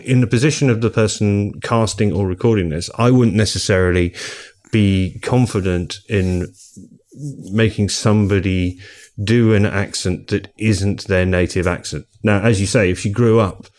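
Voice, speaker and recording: Casting: middle-aged man, lowish voice, chatty podcast co-host, casual and rambling. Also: steady tone, moderate pace, a little mellow. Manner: chatty, laughs often, rambling asides. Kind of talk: casual chat.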